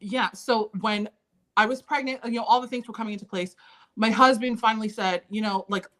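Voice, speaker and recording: A woman's voice: fairly high pitch, fairly even intonation, fairly quick, a bit bright. A woman in her thirties, an interview guest, candidly and earnestly recounting painful family memories. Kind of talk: personal storytelling in a conversation.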